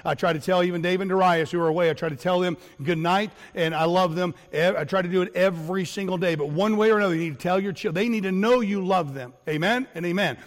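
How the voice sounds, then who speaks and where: High-voiced pastor preaching in a reverberant church. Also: male voice, quick pace, few pauses. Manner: earnest preaching with repetitions and fillers. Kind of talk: sermon. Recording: long hall reverb.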